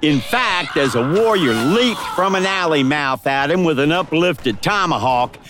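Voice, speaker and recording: A man narrating a western audiobook in a dramatic, expressive storytelling manner. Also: on the high side, a little slow, a little hiss or hum.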